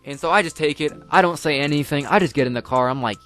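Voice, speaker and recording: A man's voice: fairly high pitch, fast talker, fairly bright tone, soft background music. Rambling teenage boy telling a story. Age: teens. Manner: rambling, full of "like" and "you know" fillers. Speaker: vlogger. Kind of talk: casual storytime.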